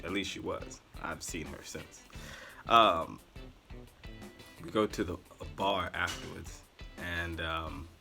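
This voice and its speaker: A man telling a rambling personal story in a casual, animated way, with sarcastic asides. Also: low-pitched, gravelly. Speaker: vlogger.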